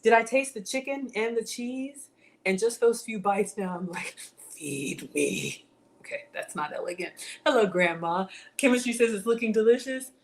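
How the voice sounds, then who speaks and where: A woman with a slight Southern drawl, African-born and raised in the US South, talks in a fairly high voice at normal speed. She hosts a casual cooking live stream from her home kitchen, chatting with viewers and laughing a lot.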